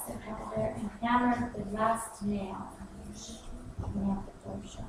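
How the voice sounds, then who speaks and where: A woman reading a storybook aloud to children in an expressive, sing-song way. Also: fairly high pitch, moderate pace. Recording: echoey, far-off noisy room.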